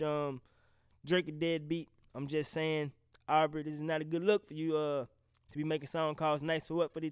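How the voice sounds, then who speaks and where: A man from the American South, talking bluntly and with a lot of swearing in a casual, unscripted commentary, animated and often breaking off mid-sentence. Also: fairly high pitch, clear, resonant tone, no echo, studio quality. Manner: blunt, profane, animated, trails off and restarts. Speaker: vlogger reacting to rap beef.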